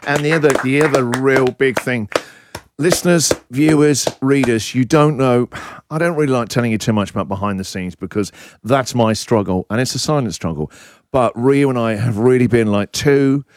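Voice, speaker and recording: A man's voice: mid-range voice, moderate pace, no echo. Jokey male radio host, dry studio sound. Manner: joking, teasing, lively. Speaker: radio breakfast show host. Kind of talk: playful studio banter. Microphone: studio microphone.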